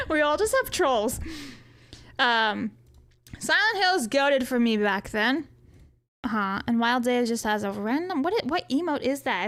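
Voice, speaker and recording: A woman's voice: high-pitched, a bit bright. A woman streamer chatting casually on a live stream, reading viewers' chat aloud and answering in a joking, profane way.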